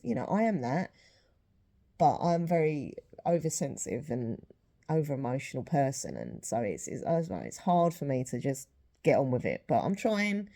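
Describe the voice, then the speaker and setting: Low-voiced emotional woman vlogging. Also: mellow. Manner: rambling and apologetic, with sighs. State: emotional, close to tears. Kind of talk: casual chat to camera.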